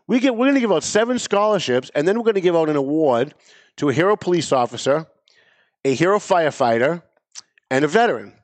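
A middle-aged man hosting a talk radio show, talking in an animated, emphatic way and repeating his phrases for effect. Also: on the high side, fast talker, no echo.

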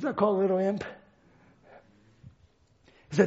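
A male preacher giving a dramatic sermon, swinging from shouts to hushed lines, on a dull lo-fi recording. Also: very high-pitched, big pitch swings, slow, long pauses.

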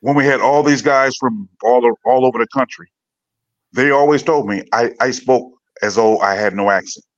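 A man from Illinois chatting on a podcast in a measured, matter-of-fact way. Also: medium pitch, dull audio. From Peoria, Illinois. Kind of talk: casual podcast chat.

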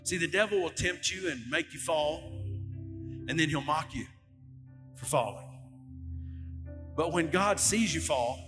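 A man's voice: a little high, measured pace, long pauses. A middle-aged male lead pastor preaching a sermon, telling stories and acting out quotes with animation. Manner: animated storytelling, acts out quotes loudly. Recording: long hall reverb, faint music.

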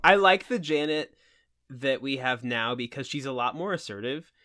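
A man's voice: mid-range voice, normal speed, bright, forceful tone. A man co-hosting a podcast, casually chatting and reacting with short remarks and laughs. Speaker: podcast co-host. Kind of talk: casual chat.

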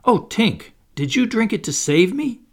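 A man voicing a brave, cocky young boy hero, speaking loud and urgent. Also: huge pitch swings, a little slow, breathy edge, full character voice. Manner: loud, urgent, raised pitch.

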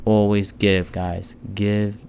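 A man's voice: fairly low pitch, level tone, slow, darkish tone, a little hiss or hum. A man giving an informal devotional talk, conversational and repeating his key words with casual asides. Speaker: podcast preacher.

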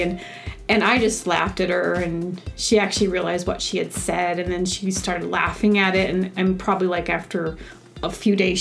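A woman podcast host and sketch comedian telling rambling, chatty stories and laughing at them. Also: mid-range voice. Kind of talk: casual storytelling.

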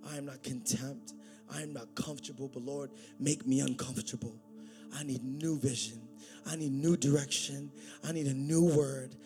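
A man preaching a sermon, swinging from loud, excited preaching to quiet, intense talk. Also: medium pitch, moderate pace, music in the background.

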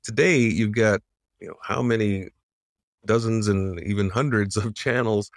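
A man's voice: fairly low pitch, unhurried, creaky, no room sound, studio quality. A middle-aged man, a veteran animator, telling stories in an earnest, reflective way with frequent restarts. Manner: earnest, reflective, many restarts and acted-out quotes. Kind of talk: casual interview storytelling.

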